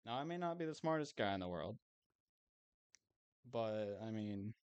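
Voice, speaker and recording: A man's voice: on the low side, lively intonation, unhurried, darkish tone, smooth, highs cut off. A young man chatting casually while streaming a game, rambling and self-amused, swearing now and then.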